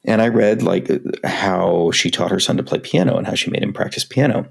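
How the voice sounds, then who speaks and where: A man's voice: on the low side, brisk, vocal fry, breathy edge. A man co-hosting a casual podcast conversation, speaking candidly and self-critically and swearing freely. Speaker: podcast co-host.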